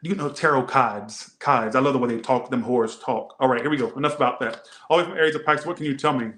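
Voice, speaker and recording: A man's voice: mid-range voice, quick pace, fairly bright tone, reverberant. A man doing a casual tarot reading, rambling and swearing, often repeating himself. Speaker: tarot reader.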